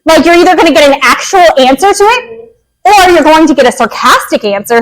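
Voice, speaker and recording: A woman behavior analyst, herself a parent, giving a lively, joking workshop talk to parents. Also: high-pitched, poor audio. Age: adult parent. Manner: lively, joking, acts out quick quotes.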